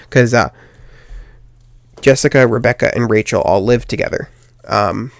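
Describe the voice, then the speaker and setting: A young man tells a personal story on his podcast, rambling and circling back with frequent fillers and restarts. His voice carries a steady vocal fry at a middle pitch. The sound is dry and close, with no room around it. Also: normal speed, long pauses, no echo. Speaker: podcast host.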